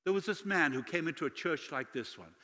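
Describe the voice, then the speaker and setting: A man's voice: on the high side, expressive, a little fast, pushed and bright. A male guest preacher telling stories in a sermon, acting out dialogue in a church with a long echo. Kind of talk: sermon storytelling. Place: church sanctuary. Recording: long church hall reverb.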